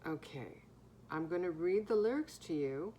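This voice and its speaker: A woman giving an intuitive tarot card reading to viewers, reflective, pausing often and humming softly to herself. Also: lowish voice, animated, slight background noise. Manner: slow, reflective, pausing, soft hums.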